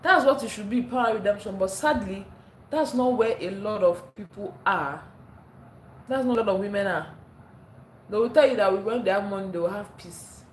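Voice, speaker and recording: A woman's voice: medium pitch, moderate pace, slight background noise. Woman from Africa, livestream host, chatty commentary on viewer comments, roomy echo. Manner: chatty, laughs often, reads viewer comments aloud. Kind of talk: casual livestream chat reading comments. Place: indoors at home. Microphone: phone, later a clip-on mic.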